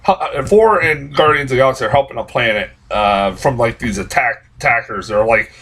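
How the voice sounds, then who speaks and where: A man's voice: mid-range voice, brisk, a bit bright, low-quality recording. A young man reviewing a movie in a casual, exasperated rant, cursing often and rambling through restarts and laughs. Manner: exasperated profane ranting.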